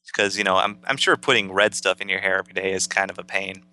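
A man co-hosting a podcast, reading out facts in a relaxed way with many ums and uhs. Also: low voice, fast, slight background noise. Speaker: podcast co-host. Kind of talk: casual chat reading aloud.

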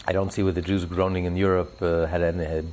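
A man teaching religious ideas in an interview, preacherly, rising sharply in pitch for emphasis and telling stories with acted voices. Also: level tone, fast talker, darkish tone, rough recording.

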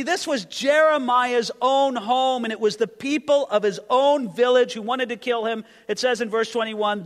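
A man's voice: high-pitched, a bit bright. A man preaching an expository sermon as pastor, reading scripture and pressing the congregation with emphatic rhetorical questions. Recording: long reverb of a large room.

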